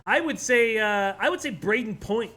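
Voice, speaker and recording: A man's voice: high voice, animated, normal speed, pushed and bright. A man co-hosting a sports betting show, giving his picks in a casual, thinking-aloud way with fillers and repeats. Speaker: co-host, sports betting analyst.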